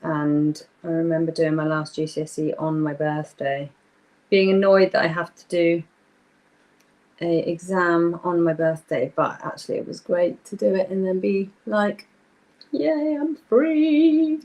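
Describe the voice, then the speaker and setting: A young woman talks casually through a live crafting session, greeting viewers as they join and thinking aloud about the work. Her voice sits a little low for a woman. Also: steady tone, moderate pace, darkish tone. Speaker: craft workshop host. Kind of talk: casual live-stream chat while crafting.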